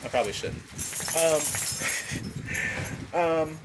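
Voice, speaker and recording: A man ranting casually into his phone outdoors in the wind, rambling, animated, swearing freely and repeating himself. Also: fairly high pitch, a little slow, long pauses. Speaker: vlogger. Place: outdoors, windy.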